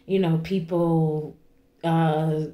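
Woman, 40s, tearful, rambling vlog talk, low-ish voice, roomy echo. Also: flat delivery, drawn-out words, mellow. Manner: rambling, repeats "okay?" and "you know". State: tearful after crying. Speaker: vlogger. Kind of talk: emotional vlog talk to viewers.

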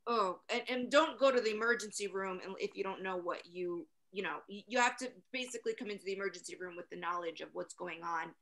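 A woman's voice: mid-range voice, quick pace, few pauses, sharp tone. A woman playing on a game show, talking earnestly and emphatically in casual chat.

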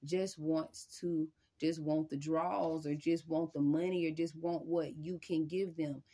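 Lower-voiced woman, tarot reader, emphatic and repetitive, slangy delivery. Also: steady tone, unhurried, slightly rough. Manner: emphatic, repeats "y'all" and "I'm telling you"; casual, slangy, with sudden loud high bursts. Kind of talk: spiritual reading monologue.

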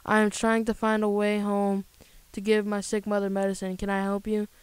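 A woman's voice: medium pitch, completely flat delivery, moderate pace, clear, resonant tone, no echo, lightly acted, rough recording. A woman voicing an earnest, eager little frog boy in a children's storybook.

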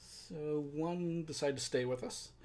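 A man from Toronto, a podcast guest telling animated anecdotes and acting out quotes. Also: on the high side, measured pace. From Toronto, Canada. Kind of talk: casual storytelling chat.

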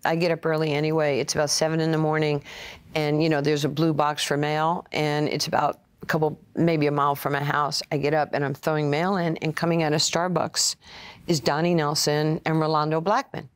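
A woman, telling stories in an interview. Her voice sits a little low, and she acts out what other people said. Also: a little fast, clean tone. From Brooklyn, USA. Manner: animated, acts out quoted voices. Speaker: interview guest, former player and coach. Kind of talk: storytelling interview.

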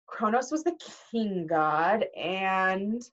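A woman's voice: medium pitch, lively intonation, very slow, fairly bright tone, heavily acted. A woman doing a hesitant young schoolboy. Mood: unsure. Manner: hesitant, stumbling. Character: nervous twelve-year-old schoolboy, restless. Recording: dull lo-fi recording.

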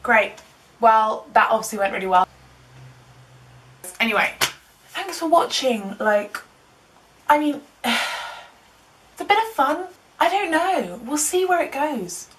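A young woman rambles to her camera in a loose, giggly vlog, mocking herself as she goes. Her voice sits a little high. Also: big pitch swings, slow, pauses often, fairly bright tone, slight background noise, rough recording. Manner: giggly, chatty, self-mocking. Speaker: vlogger.

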